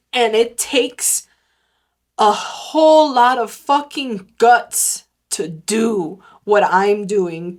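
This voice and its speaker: A woman hosting her own podcast, talking earnestly and emotionally in a halting way, repeating words and swearing now and then. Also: mid-range voice. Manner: emotional, near tears; swears casually. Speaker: podcast host. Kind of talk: personal solo podcast talk.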